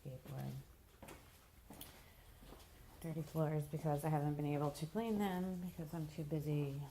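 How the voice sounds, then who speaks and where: A woman's voice: low-pitched, steady tone, a little fast, mellow, slight background noise. A mother giving a casual, rambling walking tour of her messy house, sounding tired and plain-spoken. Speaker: mother vlogging a home tour. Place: house, indoors and around the yard.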